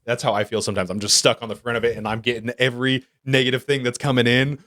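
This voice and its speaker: A man's voice: mid-range voice, fast, no room sound. A man talking in a casual podcast discussion, rambling and correcting himself as he tells stories. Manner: rambling, self-correcting, animated storytelling.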